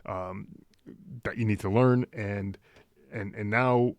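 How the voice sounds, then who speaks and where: A man's voice: lowish voice, fairly even intonation, slow pace, dry recording. A man hosting a podcast, reflecting thoughtfully in long winding sentences with repeated words. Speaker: podcast host. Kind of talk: reflective interview chat.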